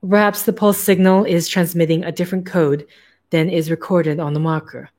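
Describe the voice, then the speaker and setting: A woman voicing a small, frail male scientist in a put-on German accent; he is devout and earnest and speaks in a formal, halting, pleading way. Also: fairly high pitch, steady tone, darkish tone, natural voice.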